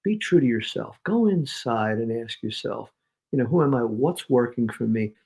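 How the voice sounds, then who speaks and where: Gravelly-voiced man from New York, emphatic motivational guest, mid pitch. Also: moderate pace. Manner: energetic, emphatic, punchy repetitions. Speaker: guest speaker. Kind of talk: motivational interview talk.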